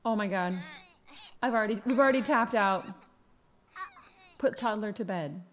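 A woman of medium pitch talks at a moderate pace, with background noise in the recording. In her casual let's-play commentary she chats to herself during the game, exclaiming and laughing often.

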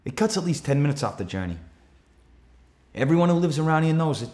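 A man's voice: a little high, expressive, fast, lightly acted. A man playing an anxious, defensive countryman. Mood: uneasy, then urgent. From Australia. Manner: earnest, rising to urgent shouts when retelling the chase. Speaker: actor performing a stage monologue. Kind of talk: theatrical monologue.

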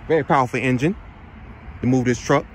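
A man with a mid-range voice, speaking a little fast over slight background noise, does a casual walkaround of a pickup truck at a dealership. As a car reviewer he points out features in clipped, easygoing phrases, outside and in the cab.

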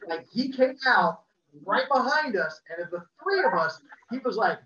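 A man's voice: very high-pitched, moderate pace. Guy telling a story, lots of ups and downs in his voice, kinda far off in a roomy room. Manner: animated, acting out the people in his story. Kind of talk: casual personal storytelling. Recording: roomy, distant, muffled video-call audio.

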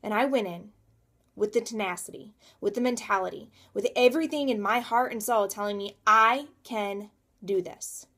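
A woman's voice: mid-range voice, brisk. A woman in her thirties talking through a personal motivational vlog, emphatic and repeating words for stress. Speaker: coach and realtor.

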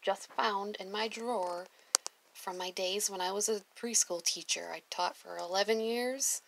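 Gravelly-voiced former preschool teacher. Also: female voice, mid-range voice, fairly even intonation, a little slow, background noise. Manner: gushing, with soft whispered asides. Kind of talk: casual chat reading notes aloud.

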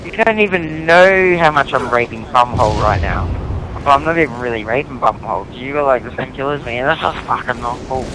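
A man of ordinary pitch rambles and cracks crude jokes into a game headset. He laughs at his own lines as he talks. Gunfire and explosions from the game sound loud behind him. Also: brisk. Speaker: online game player. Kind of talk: crude voice chat banter. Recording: noisy online game chat with gunfire.

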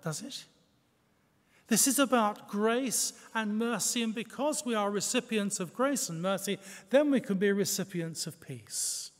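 A man preaching a sermon in a conversational way, with rhetorical questions and self-deprecating asides. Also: high-pitched. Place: church. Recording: long church reverb.

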